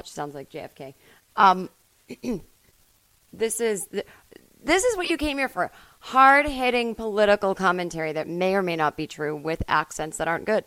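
Lady doing a solo comedy podcast, kinda low voice, dry close sound, rambles and mocks herself. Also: moderate pace, no room sound, poor audio. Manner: rambling, self-mocking, swings into loud bursts. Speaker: podcast host. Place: at home.

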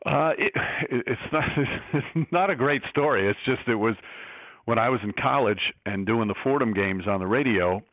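A man's voice: mid-range voice, moderate pace, no room sound. A man who works as a sports broadcaster telling stories in a reflective way as an interview guest. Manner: reflective, storytelling. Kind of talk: casual interview. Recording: tinny phone-like line.

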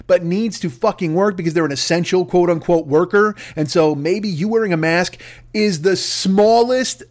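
A man hosting a podcast, ranting angrily and sarcastically with heavy swearing. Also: high voice. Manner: angry, sarcastic, swearing heavily. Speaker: podcast host. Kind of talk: profane comedic rant.

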